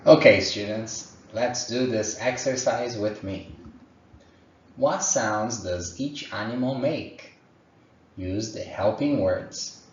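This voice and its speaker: A male teacher speaks slowly and patiently to young children, his low voice encouraging. He sits a little back from the mic, and the dull recording carries a roomy echo. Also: slight background noise. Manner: slow, encouraging, sounds out animal noises. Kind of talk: online lesson for young children. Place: room at home. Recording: echoey, distant, dull home recording.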